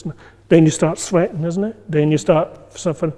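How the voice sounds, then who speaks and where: Man, meditation teacher, informal class talk, chatty with fillers, warm mellow tone, long hall reverb. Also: a little high, moderate pace. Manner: conversational, many fillers, acts out inner voices.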